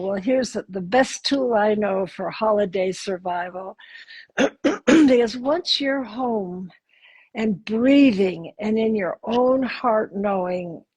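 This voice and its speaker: A woman guides listeners through a gentle body exercise in a very breathy, husky voice. She talks slowly and soothingly, drops into soft whispers, and sounds close and dry with no room around her. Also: mid-range voice, dry recording, low-quality recording. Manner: soft, slow, soothing, with sighs and whispered affirmations. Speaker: host leading a guided exercise.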